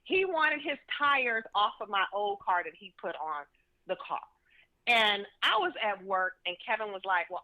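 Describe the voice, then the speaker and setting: A woman calling in by phone to a talk show, indignant and emphatic, often laughing as she tells her side. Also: mid-range voice. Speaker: caller. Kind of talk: casual phone interview. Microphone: telephone. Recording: phone line.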